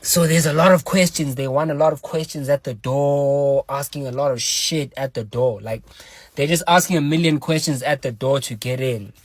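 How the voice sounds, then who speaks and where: A man telling a personal story in a casual, slangy, animated way, swearing often. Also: medium pitch, normal speed, dry recording. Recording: loud music under the voice.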